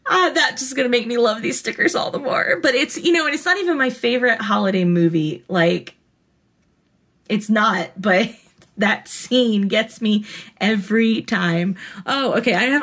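A woman's voice: fairly high pitch, fairly bright tone. Chatty woman vlogger unboxing stickers. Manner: chatty and rambling, gushing over cute stickers. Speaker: planner vlogger and host. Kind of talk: casual unboxing chat. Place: home desk in front of a computer.

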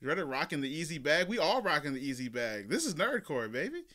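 A man hosting a reaction video, excitable and chatty, often repeating his phrases. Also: a little high, quick pace, very noisy. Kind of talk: casual reaction commentary. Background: rap music playing.

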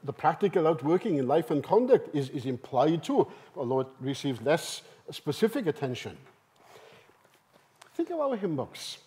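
A man giving a conference seminar talk. He is emphatic and lively and often turns questions to the audience. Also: on the high side, normal speed. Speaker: seminar speaker. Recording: live talk in a hall.

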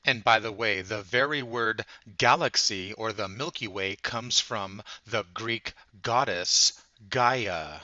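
A man giving a measured, lecturing monologue that explains where words come from. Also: lowish voice, sharp tone, no room sound. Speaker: channel host. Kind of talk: explanatory monologue on word origins. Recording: dull lo-fi recording.

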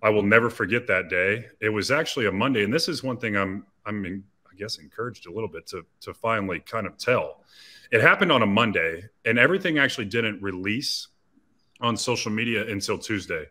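A man in his thirties speaks as an interview guest, earnest and confessional, often restarting his sentences. His voice sits low but rings bright and forceful. He tells a personal story candidly. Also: a little fast.

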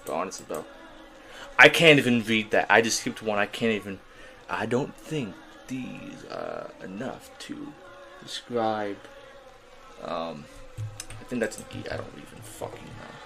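A young man playing a horror game demo and talking through it, jittery and swearing, yelling when startled. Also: lowish voice, big pitch swings, a little slow, gravelly, music in the background. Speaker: gaming YouTuber. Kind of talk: horror game let's play commentary.

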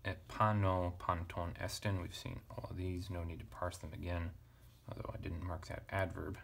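A man teaching ancient Greek grammar at a relaxed pace, thinking aloud and correcting himself with casual asides. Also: sits low, moderate pace, creaky, a little hiss or hum. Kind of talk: relaxed verse-by-verse parsing lesson.

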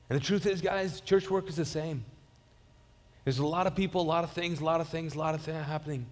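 A man's voice: a little high, steady tone, brisk. Conversational male pastor in a reverberant hall. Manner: conversational, repeats words and restarts, storytelling. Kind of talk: sermon. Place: church auditorium.

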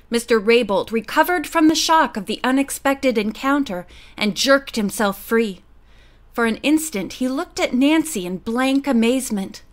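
A woman narrating a mystery audiobook with a lively, expressive reading. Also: on the high side.

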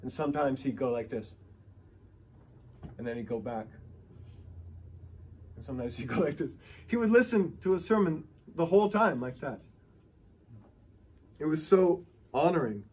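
A man's voice: on the high side, expressive, normal speed, pauses often, a little mellow, breathy edge. A male pastor preaching a sermon, telling stories with emphatic, rising and falling delivery.

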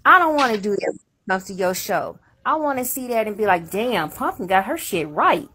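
A woman's voice: mid-range voice, big pitch swings, normal speed, sharp tone, slight background noise. A woman hosting a show, giving frank, blunt advice in casual chat with some cursing.

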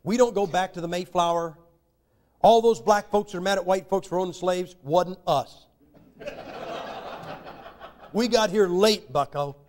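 Folksy, high-voiced male preacher. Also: measured pace, pauses often, a little mellow. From United States. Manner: folksy, joking preaching with emphatic rises. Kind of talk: sermon.

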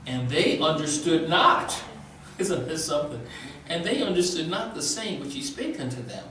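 A man's voice: on the high side, very animated, moderate pace, pushed and bright, slight background noise. A male pastor preaching a sermon in a conversational way with a sore throat, often checking in with the congregation. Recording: very echoey room, distant mic.

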